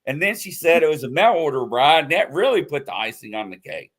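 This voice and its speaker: A man hosting a live show in casual chat, telling a story with loud acted-out quotes. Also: medium pitch, fairly quick, few pauses. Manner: animated storytelling, acts out quotes loudly. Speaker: host.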